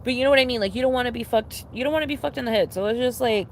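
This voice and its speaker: A young woman chatting casually on a livestream, rambling with lots of fillers and restarts, swearing freely and getting excitable. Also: fairly high pitch, rapid-fire, a little hiss or hum. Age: young adult. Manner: animated, laughing and excitable. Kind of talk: casual chat to a live audience.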